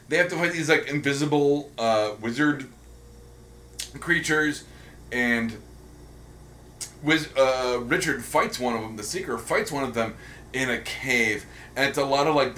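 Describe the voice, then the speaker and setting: A man's voice: medium pitch, takes it slowly, pauses often, echoey room, slight background noise. A man co-hosting a podcast in casual chat, joking and rambling with lots of energy. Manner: jokey, rambling, animated. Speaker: podcast co-host.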